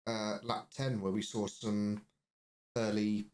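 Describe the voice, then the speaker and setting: A man's voice: lowish voice, monotone, slow pace, a little mellow, slight background noise. A man co-hosting a podcast, recounting race events in a brief, matter-of-fact way. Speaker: podcast co-host. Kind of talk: casual race recap chat.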